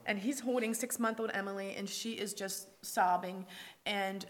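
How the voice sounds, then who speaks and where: A woman telling a personal faith testimony as a lively storyteller, acting out the dialogue and dropping to a whisper at tender moments. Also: medium pitch, moderate pace. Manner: lively storyteller who acts out quoted dialogue. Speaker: speaker sharing her faith testimony.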